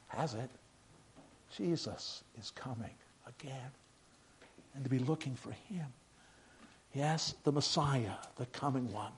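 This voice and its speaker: An older man preaching a sermon, moving between quiet reflective passages and emphatic raised declarations. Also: a little high, husky.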